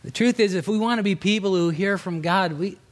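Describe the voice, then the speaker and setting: A middle-aged man preaching a sermon as a pastor, chatty and conversational, acting out quotes with sudden rises and hushed drops. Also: high-pitched, fairly quick.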